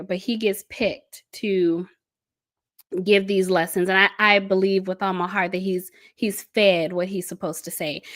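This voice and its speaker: A woman, talking through her views in a casual commentary. She comes across as impassioned and scornful, and she laughs often. Her voice sits at an ordinary middle pitch. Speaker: podcast host.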